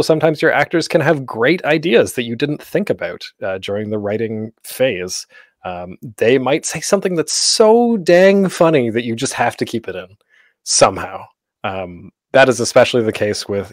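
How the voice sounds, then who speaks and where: A man's voice: medium pitch, no room sound, clean studio sound. A man hosting a convention panel, giving tips in a casual, live-streamed workshop talk full of fillers. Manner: chatty, with many fillers.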